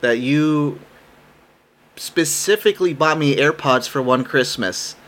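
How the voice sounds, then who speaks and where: A man's voice: on the high side, slow, fairly bright tone. A man in his thirties co-hosting a podcast in casual chat, wry, easygoing and opinionated. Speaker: podcast co-host.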